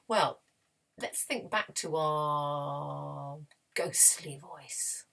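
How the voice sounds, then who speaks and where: A woman teaching a children's music lesson, gently and encouragingly, with playful voice demonstrations. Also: low-pitched, drawn-out words, gravelly. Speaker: primary school music teacher.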